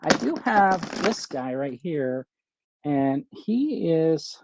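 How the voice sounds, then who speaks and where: Slow-paced and a little high, this man's voice swings widely in pitch over a lo-fi recording with a noisy background. He's hosting a relaxed live stream on his action figure collection, rambling, musing aloud, and answering the chat.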